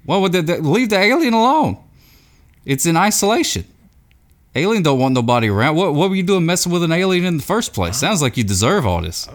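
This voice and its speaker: A man's voice: fairly high pitch, sing-song, brisk. A man guesting on a podcast, rambling along in a goofy, folksy comic way with playfully broken grammar. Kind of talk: comedic casual chat.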